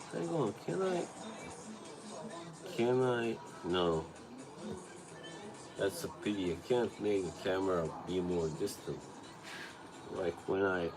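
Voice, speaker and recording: A man's voice: deep voice, animated, takes it slowly, vocal fry, pauses often, over music, rough recording. A man with a Serbo-Croatian accent chatting casually on a livestream, rambling, swearing and laughing often, recorded on a tablet's built-in mic. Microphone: tablet device mic.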